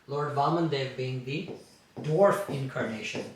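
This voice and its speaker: A man teaching a scripture class, telling the story in an explanatory, animated way. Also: medium pitch, measured pace, noisy background. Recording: very echoey room.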